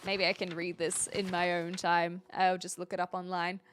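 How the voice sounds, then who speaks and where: A woman's voice: on the low side, completely flat delivery, moderate pace, a bit bright, a little hiss or hum. An American woman streaming a game, chatting casually, laughing often and answering chat. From United States. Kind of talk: casual live game commentary.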